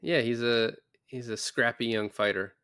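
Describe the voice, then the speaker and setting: A man talks through a movie scene by scene on a podcast, rambling and cracking jokes. His voice sits at an ordinary pitch and the sound is dry and close. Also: steady tone, normal speed, a bit bright, clean tone, dry recording. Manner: rambling, jokey, acts out characters' lines. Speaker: podcast co-host. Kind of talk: casual movie review chat.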